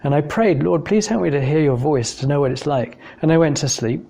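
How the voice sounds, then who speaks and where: An animated English man speaks fairly quickly in a voice on the high side, dark in tone and marked by vocal fry. His informal talk on evidence for God is built around personal stories, told thoughtfully and conversationally with many fillers.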